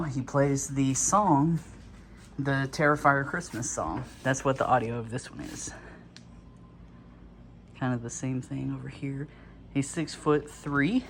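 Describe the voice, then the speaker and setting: A man chats through an unboxing in a loose, rambling way, full of little fillers and restarts. His voice sits at an ordinary middle pitch and sounds slightly out of breath. A faint room hum sits underneath. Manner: rambling and easygoing, with many fillers. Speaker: toy and prop reviewer. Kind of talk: casual unboxing talk.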